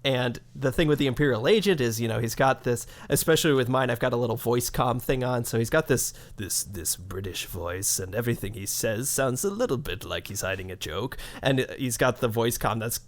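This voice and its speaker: Relaxed male podcast co-host. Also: medium pitch, fairly quick, hardly any pauses. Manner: relaxed, chuckling, loose asides. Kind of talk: casual chat.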